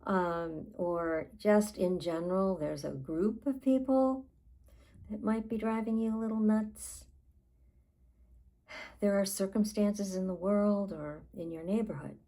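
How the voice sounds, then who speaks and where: A woman life coach guiding a tapping session, talking in a calm, unhurried way and pausing between phrases. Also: medium pitch, low-quality recording.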